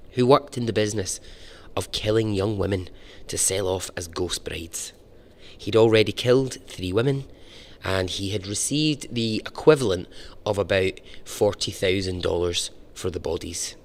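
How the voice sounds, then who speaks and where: A man hosting a storytelling podcast, chatty and informal, with casual swearing. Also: fairly low pitch. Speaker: podcast host.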